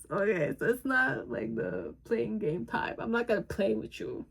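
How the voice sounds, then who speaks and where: A woman's voice: medium pitch, sing-song, normal speed, vocal fry, hardly any pauses, breathy edge. Rambling, amused woman reading tarot. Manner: speaks in first person as the person the cards describe; loose and rambling, with frequent hesitations and self-corrections. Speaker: tarot reader. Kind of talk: casual spoken tarot reading.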